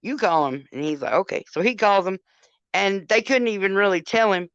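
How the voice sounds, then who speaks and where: A woman's voice: mid-range voice, brisk, no room sound. An older woman telling a story on a casual livestream, profane and chatty, talking straight to her viewers. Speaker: livestream host. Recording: dull lo-fi sound.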